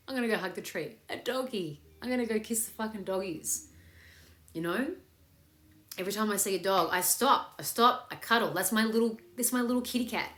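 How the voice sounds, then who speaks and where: A woman's voice: mid-range voice, a bit bright. A woman hosting a casual live chat that leads into a meditation, upbeat and swearing freely. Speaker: meditation host. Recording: echoey room with faint music.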